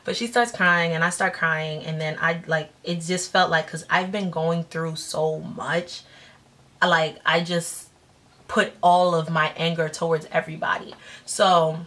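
A woman in her twenties telling a personal story in a casual vlog, blunt and slangy, jumping up in pitch when she acts out quotes. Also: measured pace. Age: 20s. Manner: animated, jumps up in pitch when acting out quotes; slangy, blunt, self-mocking. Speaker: vlogger.

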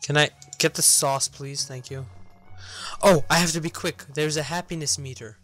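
Bright-voiced man playing a game. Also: fairly high pitch, fairly even intonation, normal speed, faint music behind. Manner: chatty, self-interrupting, reads game dialogue aloud. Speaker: gaming channel host. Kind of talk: casual let's-play commentary. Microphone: desk mic, no webcam.

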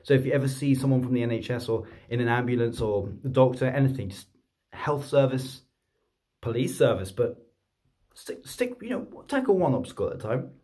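A man, telling a story to camera in a chatty, rambling, excitable way. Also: medium pitch, fairly quick. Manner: chatty, rambling, excitable, with many fillers and restarts. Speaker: vlogger and streamer.

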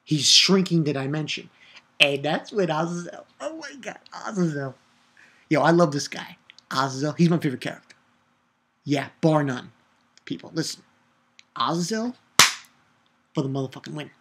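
A man giving a casual video review of an anime episode, excitable and rambling, swearing and shouting out his own reactions. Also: on the high side, moderate pace, long pauses, husky. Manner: rambling with restarts and filler.

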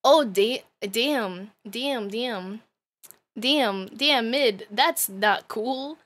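High, bright-voiced woman streamer laughing often. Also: very slow. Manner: laughs often, swears freely, rambling with many fillers. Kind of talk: casual livestream chat.

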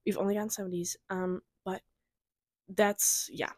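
A young woman casually chatting through a trailer review, rambling, giggling and trailing off into soft mumbles. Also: mid-range voice, level tone, normal speed, dry recording.

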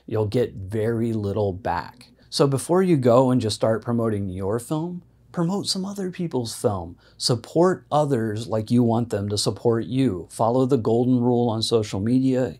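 A man's voice: mid-range voice, a little mellow. A man who is an independent filmmaker, giving practical social media marketing tips straight to camera in a conversational way. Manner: conversational, practical, with casual fillers. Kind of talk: direct-to-camera advice talk.

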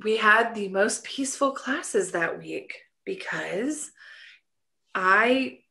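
A woman's voice: mid-range voice, lively intonation, slow pace, gravelly, sharp tone. A woman, a coach and podcast co-host, talking in an earnest, searching way in a casual conversation. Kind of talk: reflective casual podcast chat.

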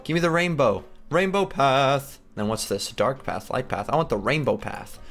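A young man hosting a gaming channel, excitably commenting as he plays, yelping and laughing at close calls. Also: mid-range voice, normal speed, gravelly, soft background music. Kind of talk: playing a game with commentary.

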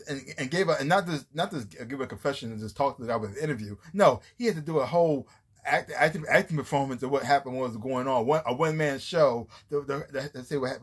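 A man whose voice is fairly high and slightly rough reviews a TV series in a loose, rambling way. He often restarts sentences and performs scenes as he retells them.

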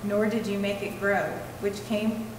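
A woman reading a scripture passage aloud in a steady, measured way. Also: mid-range voice. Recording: distant mic in an echoey hall with room noise.

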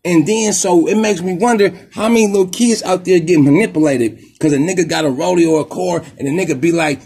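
Fast-talking husky man with an Oakland accent. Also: high-pitched. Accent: Oakland, Bay Area. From Oakland, California. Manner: rapid, profane, animated street talk. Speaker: podcast host. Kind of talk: casual monologue storytelling.

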